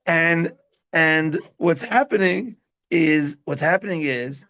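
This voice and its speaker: Animated rabbi teaching parents, slightly high. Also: male voice, slow pace. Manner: animated, keeps checking in with listeners. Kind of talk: casual teaching talk. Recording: dull lo-fi sound.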